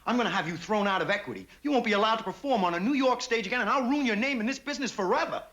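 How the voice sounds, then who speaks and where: An actor playing a brusque, domineering theatre director in a 1960s sitcom. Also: male voice, a little high, big pitch swings, fairly quick, fairly bright tone, lo-fi sound. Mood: angry. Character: bossy male theatre director, hot-tempered. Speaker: director of a stage show.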